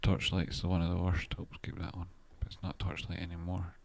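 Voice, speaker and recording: A man's voice: low voice, monotone, fairly quick, creaky. A man hosting a casual live stream, rambling and thinking aloud about stock charts, with the odd swear word. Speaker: trader and channel host.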